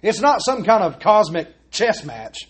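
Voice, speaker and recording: A man preaches from the pulpit, his voice pitched high for a man. He is earnest and emphatic, pressing his points home and leaning on rhetorical questions. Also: sing-song, a little slow. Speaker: pastor. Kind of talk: sermon.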